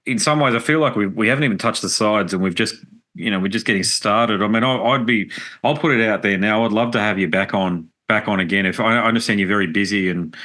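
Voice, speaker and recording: A man with a fairly low voice hosts a podcast conversation. He talks casually and likes to tell anecdotes. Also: fast talker, sharp tone. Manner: chatty, anecdotal storyteller. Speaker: podcast host.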